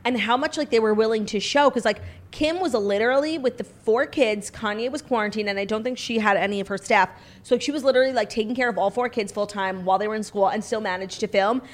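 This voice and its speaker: A woman's voice: a little high, quick pace, hardly any pauses. A woman co-hosting a podcast in easygoing, casual chat, often agreeing and using fillers. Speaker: podcast co-host.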